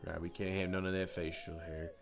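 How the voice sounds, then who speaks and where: A gruff country fisherman grumbles and drawls in a put-on American country accent, as a man plays him on a live stream. The voice sits very deep and folksy, a homespun talker with plenty to say about real work. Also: level tone, brisk, over music. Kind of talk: live stream role-play.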